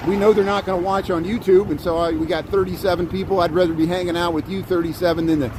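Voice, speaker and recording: A middle-aged man talks to his livestream viewers while he walks outdoors through wet snow, his voice set a touch high for a man. He rambles, chuckles often and greets people by name, with faint traffic hum around him. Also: little pitch movement, fast talker. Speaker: live-streaming vlogger. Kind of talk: casual walking livestream chat.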